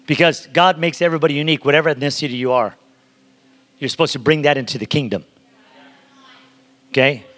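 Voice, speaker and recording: A man's voice: a little high, brisk, long pauses, a bit bright. A man giving a sermon as a guest preacher, emphatic and talking straight to the congregation in a church. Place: church sanctuary. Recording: long reverb of a large hall.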